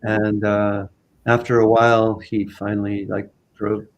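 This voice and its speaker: A man from Southern Vancouver Island, a guest in a conversation, telling a story casually in halting phrases full of fillers and restarts. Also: on the low side, flat delivery, muffled recording. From Southern Vancouver Island, Canada.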